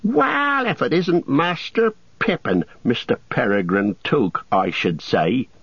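Hearty rustic hobbit farmer, loud and swooping; male reader doing the voice, husky tone. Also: mid-range voice, very animated, a little slow, no echo, muffled recording, full character voice. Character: gruff country hobbit farmer, suspicious then hearty.

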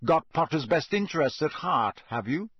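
Man doing a grizzled old wizard, gruff and blunt, husky and muttery. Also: a little high, expressive, normal speed, fairly bright tone, no room sound. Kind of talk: audiobook character voice.

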